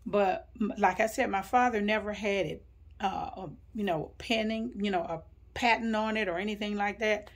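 A woman in her sixties telling a family story in an interview, unhurried and full of fillers and hedges. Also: mid-range voice. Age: 60s.

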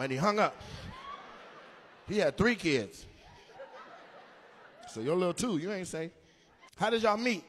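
A man doing live stand-up crowd work, teasing audience members in an animated way with loud bursts. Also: a little high, brisk, pauses often. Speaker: stand-up comedian.

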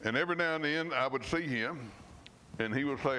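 A man, a pastor, preaching a sermon in church. He reads scripture slowly and with emphasis, and at times his voice drops suddenly soft. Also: mid-range voice.

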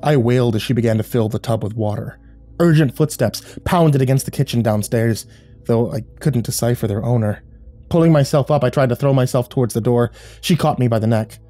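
Brief: a male horror storyteller with a dark, relaxed tone, steady grim reading over soft music. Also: medium pitch, brisk. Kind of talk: scripted horror narration.

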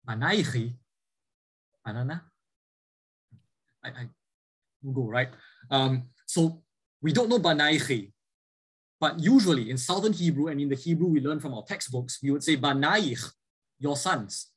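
A man's voice: mid-range voice, normal speed, long pauses, fairly bright tone, husky, poor audio. A man lecturing a class, explaining points and often checking in with "right?" as he goes. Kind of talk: classroom lecture with student questions.

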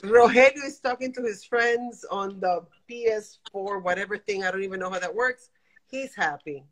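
A woman in her forties, calling into a live video chat, emotional and animated as she vents and laughs. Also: medium pitch, normal speed. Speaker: guest caller on a live stream.

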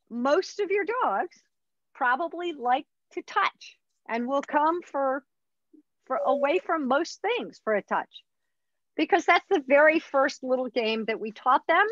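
High-voiced lady dog trainer, slow and chatty, dry dull lo-fi sound. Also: expressive, fairly bright tone, no echo. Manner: chatty, upbeat instructor who acts out dog voices. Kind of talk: teaching a puppy class.

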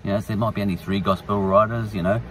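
A man's voice: lowish voice, fairly even intonation, rapid-fire, recorded from a distance, slight background noise, rough recording. A man hosting a podcast, rambling through a casual, irreverent monologue. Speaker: podcast host.

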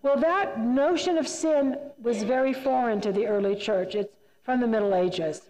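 Woman speaker at a church retreat, kinda high but mellow voice, big hall echo, talks emphatic and chatty. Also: normal speed. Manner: emphatic, conversational, repeats herself for emphasis. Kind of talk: lecture to a church group. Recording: long reverb in a hall.

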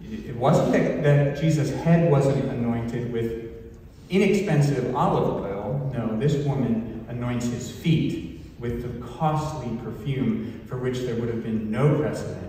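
A man's voice: mid-range voice, dark tone, slight background noise. A male pastor delivering an earnest, emphatic sermon in a church hall. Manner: earnest, emphatic teaching with pauses. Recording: echoey hall from far off.

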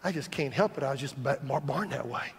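A man voicing a sly, cruel devil who whispers temptations, hushed, sneering and coaxing. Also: on the high side, expressive, normal speed. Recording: echoey church hall.

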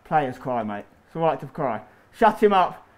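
Young man, high-pitched, boastful trash-talking gameplay commentary, bursts into shouts. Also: normal speed. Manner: excitable, boastful, shouting at big moments. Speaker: gaming YouTuber.

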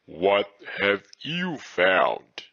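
A greedy, bullying fighter speaks slowly and threateningly, as a man reads him. His low voice is husky and a bit set back. The storybook recording is dry and dull. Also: huge pitch swings, pushed and bright, full character voice. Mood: menacing. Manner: slow, demanding, menacing.

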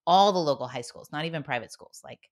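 Low-voiced woman podcast host. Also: animated, quick pace. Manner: warm-hearted and emotional, with frequent laughs. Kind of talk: casual chat.

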